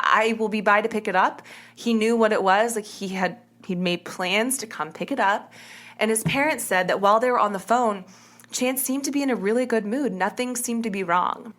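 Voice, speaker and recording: Woman, podcast host, casual true crime storytelling, chatty, self-correcting, mid pitch. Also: a bit bright.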